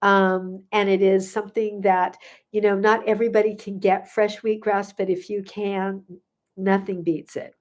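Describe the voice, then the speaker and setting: A woman's voice: medium pitch, level tone, moderate pace, a little mellow. An older woman, a gut health coach, chatting casually on a live stream, answering viewer questions with frequent fillers and laughter.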